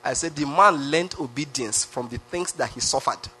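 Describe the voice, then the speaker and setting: A man's voice: medium pitch, moderate pace, pushed and bright, breathy edge. A man preaching a sermon, emphatic, with lots of repetition and rhetorical questions. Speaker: pastor.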